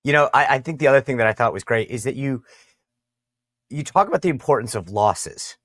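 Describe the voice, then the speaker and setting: A man's voice: medium pitch, lively intonation, a little fast, fairly bright tone, no room sound, clean studio sound. A man hosting an interview show, conversational with frequent restarts. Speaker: show host. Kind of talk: interview and sign-off.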